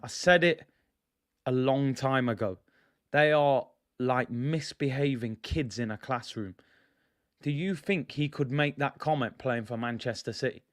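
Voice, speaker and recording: A man's voice: medium pitch, a little slow. A man hosting a football fan channel, ranting bluntly to his viewers and repeating points for emphasis. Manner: addresses viewers directly as "people". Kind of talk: ranting fan reaction vlog.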